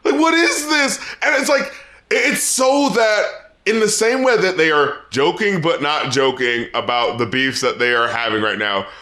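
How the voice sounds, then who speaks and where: A man co-hosting a podcast, reviewing an album in casual, animated chat, swearing and laughing often. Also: on the high side, moderate pace, reverberant. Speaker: podcast co-host.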